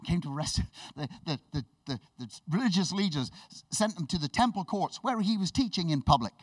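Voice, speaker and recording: A man preaching a sermon with enthusiastic, animated storytelling, laughing and restarting as he goes. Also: on the high side, brisk, dry recording, far from the mic.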